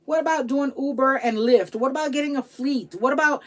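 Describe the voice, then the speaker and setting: A woman tax professional giving casual motivational advice to viewers, animated and pleading, acting out little quoted exchanges. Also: high-pitched, brisk. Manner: pleading, repeats herself for emphasis. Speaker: tax professional and business coach.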